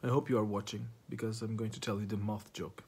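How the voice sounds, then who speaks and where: A man's voice: fairly low pitch, level tone, fast, a little mellow, slightly rough. A man who does stand-up, telling a rambling, profane, absurd story straight to camera. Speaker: comedian vlogger. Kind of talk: rambling comic monologue to camera.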